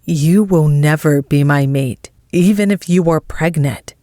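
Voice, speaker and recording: A young alpha werewolf man, firm and cold when defending his mate, as a woman narrator puts him on. The voice sits low and close, with a dry storybook sound. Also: a little slow, mellow, no echo. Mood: stern.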